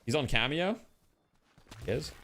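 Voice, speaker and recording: A man's voice: mid-range voice, expressive, unhurried, a bit bright, slight background noise. A man from Canada who hosts a stream and gives casual live commentary on a game, joking and swearing now and then.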